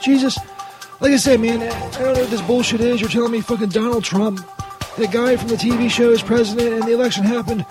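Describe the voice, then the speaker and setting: A man doing a whiny, profane saint, squeaky high voice. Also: fairly even intonation, quick pace, music in the background. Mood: indignant. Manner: whiny, profane, keeps saying "Jesus". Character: crude irritable man playing a saint, who calls everything bullshit.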